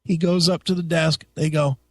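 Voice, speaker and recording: Profane, animated male radio host. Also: fairly high pitch, moderate pace, no room sound. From United States. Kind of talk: casual chat.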